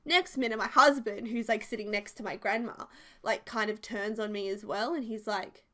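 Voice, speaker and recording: A woman, casually telling a story, chatty and animated with lots of "like". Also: medium pitch, normal speed. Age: 20s. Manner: chatty and animated, heavy use of "like". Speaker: video creator. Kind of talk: casual storytelling over a build video.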